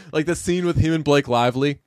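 A man's voice: on the high side, big pitch swings, moderate pace, dry recording, studio quality. A young man from the Boston area, co-hosting a podcast in casual, rambling chat, peppered with swearing. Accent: faint Boston. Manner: rambling, swears, quotes people in voices. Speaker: podcast co-host.

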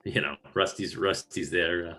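A man's voice: low-pitched, fairly even intonation, normal speed, pushed and bright. A man host chatting casually, retelling film scenes in a rambling way with restarts. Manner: rambling retelling with many restarts, laughs easily. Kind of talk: casual film recap chat.

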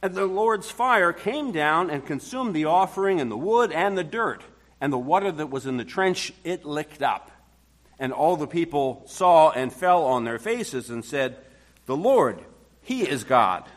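A man's voice: a little high, animated, a little slow. A male pastor reading a long scripture passage aloud with dramatic emphasis, then starting his sermon.

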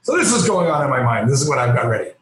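A man, a comic book artist and guest, telling a lively, self-mocking story in a casual interview. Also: medium pitch, racing, very echoey, a little hiss or hum, low-quality recording. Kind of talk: animated anecdotal storytelling.

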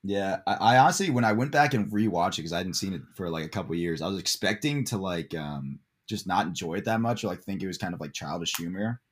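A young man as a podcast guest, chatting in a relaxed way and laughing often. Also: sits low, fast, hardly any pauses, slightly rough. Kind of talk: casual chat.

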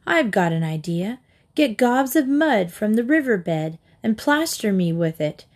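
A woman voicing an impulsive young girl in a storybook reading, with a sharp, snappish manner. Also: mid-range voice, big pitch swings, measured pace. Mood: impatient.

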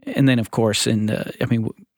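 Man, podcast co-host, gravelly voice, animated, dry close mic. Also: medium pitch, a little fast, no room sound. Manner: animated, laughs often, teaching tone. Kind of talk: casual podcast conversation.

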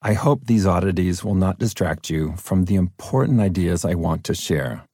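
A middle-aged man from California narrating his own audiobook in an earnest, personal way, his deep voice cracking at times. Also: moderate pace, dark tone, slightly rough, no room sound, studio quality. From Fresno, California. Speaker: author reading his own book.

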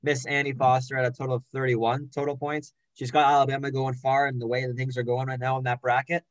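A young man hosts a casual sports podcast and reels off names and scores with plenty of teasing asides. His voice sits at an ordinary pitch. The recording is dry and close, with no room around it. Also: little pitch movement, fast talker, dry recording, muffled recording. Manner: jokey, rattles off names and standings. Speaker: podcast host.

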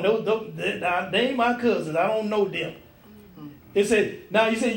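A man's voice: high-pitched, moderate pace, reverberant. A man preaching a sermon in a church, emphatic and folksy, drawing responses from the congregation.

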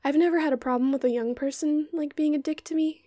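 A woman's voice: high-pitched, fairly even intonation, quick pace, dark tone, no echo. A young woman hosting a casual podcast from a hot bedroom close to her microphone, ranting with sarcasm and profanity and sometimes dropping to a whisper. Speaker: podcast host.

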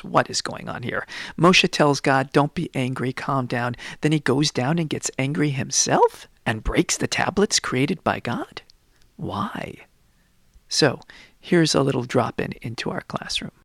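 A male teacher leading a lively classroom Bible lesson, acting out the quoted voices as he explains. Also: mid-range voice, vocal fry, dry recording.

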